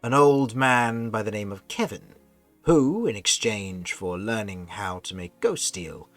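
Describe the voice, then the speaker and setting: A man's voice: on the low side, soft background music. A man acting as game master for a tabletop game, greeting the players and then narrating a recap like a storyteller. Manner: theatrical storyteller recap, drawn-out phrasing.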